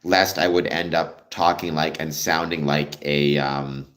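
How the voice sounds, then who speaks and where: An extremely low, steady, unhurried voice with a fairly bright tone belongs to a Canadian man hosting a livestream. He chats with his viewers in a friendly, casual, rambling way, saying "um" often.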